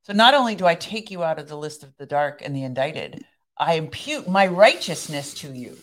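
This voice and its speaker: A woman's voice: low voice, big pitch swings, normal speed. A woman co-hosting a devotional podcast, talking earnestly in a casual chat and reading scripture aloud with emphasis. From Iran. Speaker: podcast co-host.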